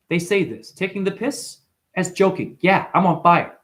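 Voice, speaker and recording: A man's voice: high-pitched, moderate pace, a bit bright. A man ranting on a livestream to his chat, profane and impassioned, jumping from one wordplay to the next. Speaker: livestream host. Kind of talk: rambling livestream rant to chat.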